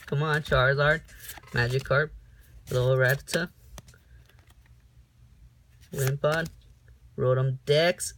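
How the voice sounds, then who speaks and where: Slow, gravelly young man opening card packs. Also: fairly bright tone. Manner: reads off cards in a slow list, with sudden high whoops. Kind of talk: casual unboxing commentary.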